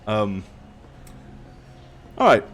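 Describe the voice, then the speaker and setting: A man narrating as game master, describing scenes with hesitant pauses and restarts. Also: lowish voice, very animated, fairly bright tone, a little hiss or hum.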